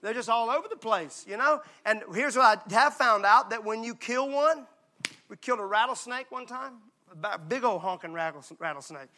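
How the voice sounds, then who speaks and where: A male pastor from Mississippi, preaching a lively, joking, conversational sermon. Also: extremely high pitch, moderate pace. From Mississippi, USA.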